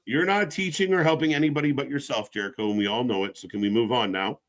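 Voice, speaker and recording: A man hosting a live wrestling watch-along stream, talking in casual, sarcastic and profane commentary, jumping between shouts and low mutters. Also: steady tone, fast.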